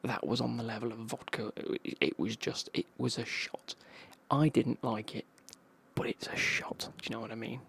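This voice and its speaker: Husky whispering English man telling stories. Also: mid-range voice, flat delivery, moderate pace, fairly bright tone. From England. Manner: chatty, casual anecdote telling with slang. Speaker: ASMR creator. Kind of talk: whispered ASMR storytelling.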